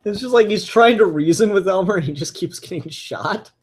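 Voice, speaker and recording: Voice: mid-range voice, fairly quick, slightly rough. A comic book reviewer talking casually and enthusiastically, rambling with frequent fillers and restarts. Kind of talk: casual solo review podcast.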